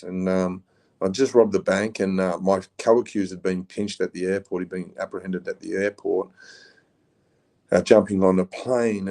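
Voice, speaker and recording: A man's voice: low-pitched, vocal fry, mellow. A man with an Australian accent, a podcast guest telling stories in a laid-back, rambling way with frequent ums. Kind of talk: casual storytelling.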